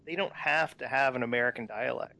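A man with a bright, forceful voice, putting his views plainly during a casual podcast chat. His tone is crisp and his pitch sits in the middle. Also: a little fast.

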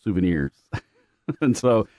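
A man from Louisiana and Oklahoma telling stories in a relaxed, rambling way, laughing often between thoughts. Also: lowish voice, slow, no room sound. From born in Louisiana, raised mostly in Oklahoma. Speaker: guest with radio and theater background. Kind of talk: casual chat.

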